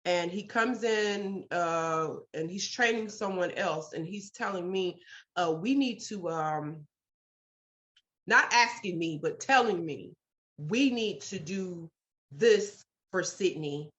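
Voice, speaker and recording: A middle-aged woman, a mother, telling in an interview about a hard hospital stay, emphatic and animated, repeating herself when upset. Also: lowish voice, slow pace. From United States. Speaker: parent telling her story. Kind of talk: interview storytelling. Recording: dull lo-fi sound.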